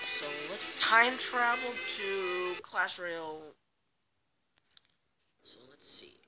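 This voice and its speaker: A young woman rambles through a casual reaction video, her pitch bouncing about as she reads comments aloud. She sounds recorded on a phone, with music playing clearly underneath. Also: lively intonation, takes it slowly, poor audio. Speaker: YouTuber. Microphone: phone screen recorder.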